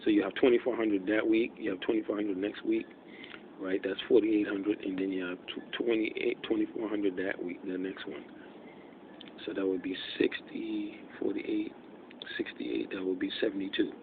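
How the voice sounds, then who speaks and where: A man talking in a deliberately muted, hushed way in a rambling monologue, thinking aloud and stalling with fillers. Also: on the low side, flat delivery. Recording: tinny phone-like lo-fi audio with faint hiss.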